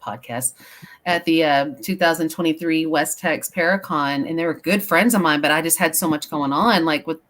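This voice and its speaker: A middle-aged woman, a paranormal investigator, chatting as a guest and telling personal stories in a rambling, animated way. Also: lowish voice. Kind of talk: casual chat, personal storytelling.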